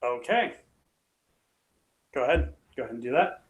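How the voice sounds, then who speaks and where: A man running a tabletop game as game master, talking in a relaxed, halting way with many fillers and restarts. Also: medium pitch, reverberant, dull audio.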